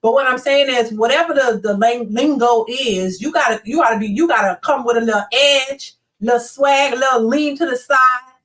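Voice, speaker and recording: Hosting a live stream, this woman reads out viewer comments and breaks into quick impressions of others. Her voice is fairly high and a bit bright, her chatter blunt and lively. Because she's seated slightly back from the mic, she comes across somewhat distant.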